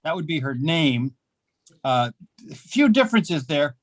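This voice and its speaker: An older man works through a stand-up set in a small club, his delivery deadpan and self-mocking, full of hesitant fillers. His voice sits a touch high for a man, and the sound is dry and close to the mic. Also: unhurried, no echo. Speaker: stand-up comedian.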